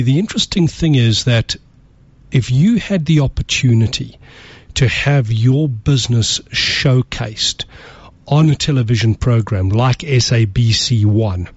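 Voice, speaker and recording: A man's voice: medium pitch, a little slow, breathy edge, no room sound, muffled recording. A man co-hosting a radio talk show, earnest and motivational, often repeating words as he presses a point. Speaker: radio co-host.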